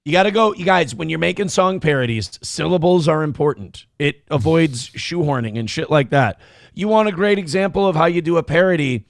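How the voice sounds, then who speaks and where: Gravelly loud-talking male show host. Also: on the high side, animated, no room sound, clean studio sound. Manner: loud, crude, fast banter. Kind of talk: casual livestream chat reading donations.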